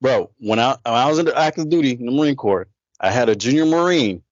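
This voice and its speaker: A man's voice: mid-range voice, lively intonation, fast talker, no room sound. A man chatting casually as a podcast co-host, retelling stories with emphatic repetition. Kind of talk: casual chat. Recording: dry, dull lo-fi audio.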